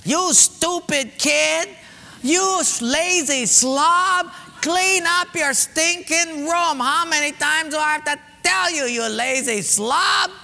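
A man doing a furious shouting parent, high strained voice, yelling insults, long hall reverb. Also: slow pace, gravelly, heavily acted. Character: angry shouting parent scolding a child.

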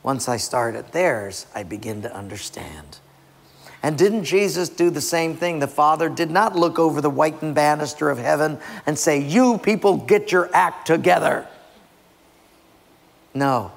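A man preaching a sermon in an animated manner, acting out stories. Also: a little high, moderate pace, vocal fry, long reverb tail.

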